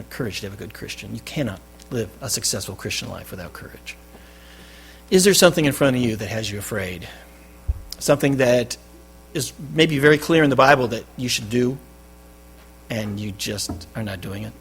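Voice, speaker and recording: A man's voice: mid-range voice, breathy edge. Emphatic male pastor preaching. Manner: emphatic, swinging between loud stresses and quiet drops. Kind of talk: sermon. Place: church.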